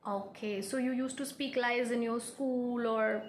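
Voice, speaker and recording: A woman's voice: on the high side, steady tone, a little slow, slight background noise. A middle-aged woman with an Indian English accent interviewing her son in an earnest, encouraging way. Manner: earnest, encouraging, restarts sentences. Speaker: interviewer, mother of the guest. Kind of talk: casual home interview. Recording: echoey room.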